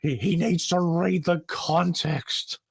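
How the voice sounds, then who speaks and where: A man's voice: on the high side, fairly even intonation, takes it slowly, vocal fry, husky, dry recording, studio quality, voice pushed up, full character voice. A man mocking a whiny, smug apologist. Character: smug male Bible apologist, scolding and dismissive.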